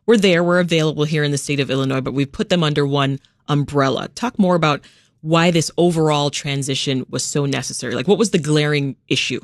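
A man's voice: on the high side, brisk, no room sound, clean studio sound. A man hosting an interview, asking short conversational questions. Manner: brief conversational prompts. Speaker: interviewer host.

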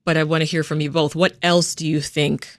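Host, man, slightly high and gravelly, dry close sound. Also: little pitch movement, brisk, dry recording. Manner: brief conversational prompts. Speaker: interviewer host. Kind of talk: interview questions.

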